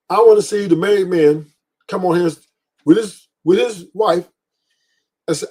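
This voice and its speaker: A man's voice: high-pitched, normal speed, dark tone, breathy edge. A man hosting a livestream, ranting bluntly with profanity and repeated emphasis. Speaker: podcast host. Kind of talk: livestream commentary rant.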